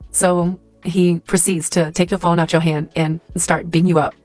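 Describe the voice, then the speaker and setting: A woman's voice: on the low side, little pitch movement, moderate pace, hardly any pauses, darkish tone, no echo, soft background music. A woman telling a dramatic story in the second person, in a casual, rambling way full of fillers. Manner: rambling, heavy use of "like" and "and stuff like that". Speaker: storyteller in a social media clip.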